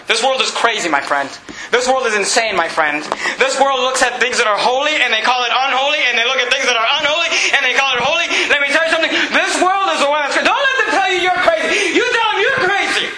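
A man preaching a fiery sermon as pastor, often shouting and laughing between lines, recorded in a church. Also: very high-pitched, fast talker, heavy background noise. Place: church hall. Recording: echoey church room.

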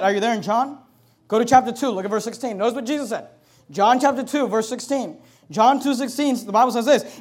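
A man preaching as a pastor, forceful and direct, reading scripture loudly and slowly, then rushing through quick asides to the congregation. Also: very high voice. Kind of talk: sermon.

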